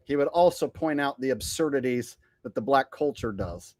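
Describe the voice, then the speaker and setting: A man's voice: medium pitch, expressive, normal speed, a little mellow, no room sound, studio quality. A man hosting a casual commentary monologue, sardonic and conversational. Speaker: commentary channel host.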